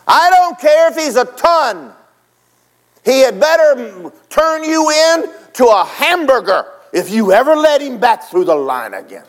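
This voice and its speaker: A man's voice: on the high side, wildly swooping pitch, a little mellow, pitched above the performer's own voice. A man doing a stern, barking football coach. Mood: scolding. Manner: scolding, drawn-out barking. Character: gruff, stern adult male football coach.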